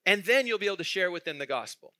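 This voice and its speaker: With a high voice, lively intonation and a sharp tone, a pastor delivers his sermon fast, chatting with the congregation through questions and laughing softly during his stories. The studio recording is clean and free of echo.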